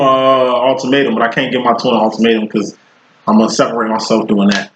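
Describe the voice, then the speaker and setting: Heard through a roomy, dull lo-fi recording with slight background noise, a man in his thirties delivers a casual psychic tarot reading. He speaks quickly in a mid-range, slightly bright voice with little pitch movement, using blunt, profane street slang.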